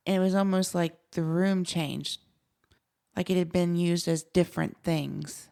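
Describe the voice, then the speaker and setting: A woman's voice: on the low side, fairly even intonation, measured pace, creaky, dark tone. A woman with a light Southern accent, a paranormal investigator speaking hesitantly in casual podcast chat. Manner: hesitant, repeats words.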